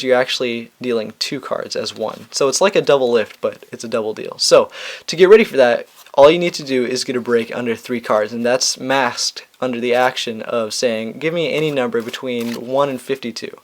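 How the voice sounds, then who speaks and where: Young man casually teaching a card trick. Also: medium pitch. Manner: relaxed and chatty, with fillers and restarts. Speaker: magic tutorial host. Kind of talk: casual instructional explanation.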